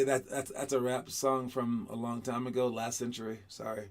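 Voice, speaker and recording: A man's voice: mid-range voice, little pitch movement, moderate pace, hardly any pauses. A man coaching kids in a casual, rambling talk, joking and breaking into song now and then. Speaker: basketball coach teaching kids. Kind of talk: casual motivational classroom talk. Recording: music playing loudly underneath.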